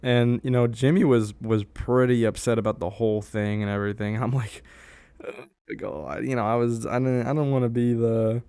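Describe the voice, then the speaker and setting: A man's voice: mid-range voice, steady tone, fairly quick, hardly any pauses, mellow, clean tone, dry recording. A young man casually telling a story to the camera in a rambling way, with many fillers and restarts. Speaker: vlogger.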